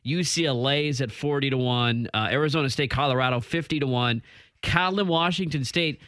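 A man hosting sports radio, moving quickly through listener texts and betting odds with joking banter. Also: medium pitch, fairly bright tone, no echo, studio quality. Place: radio studio. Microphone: studio mic.

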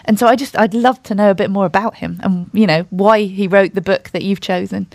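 A woman's voice: medium pitch, fairly even intonation, a little fast, gravelly, a little mellow, dry recording. A woman co-hosting a book podcast, musing conversationally about an author she researched. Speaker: podcast co-host. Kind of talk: casual book-podcast talk.

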